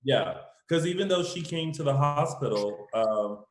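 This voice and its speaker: A man's voice: fairly high pitch, lively intonation, a little slow. Rambling man in a roomy room. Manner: rambling, hesitant with many fillers. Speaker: podcast co-host. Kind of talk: casual chat recapping a soap opera. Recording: roomy home recording.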